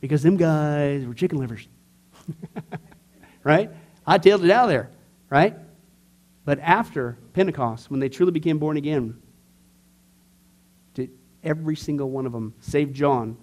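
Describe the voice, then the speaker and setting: A man teaching a church discipleship class, earnest and conversational, swinging from emphatic to quiet. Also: medium pitch.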